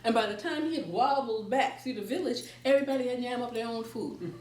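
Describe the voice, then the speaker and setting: A woman telling a folktale to an audience, playful and expressive. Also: on the high side, brisk, noisy background. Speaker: storyteller and educator. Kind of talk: folktale storytelling to a live audience. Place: presentation room at a library. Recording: roomy, distant mic, faint background.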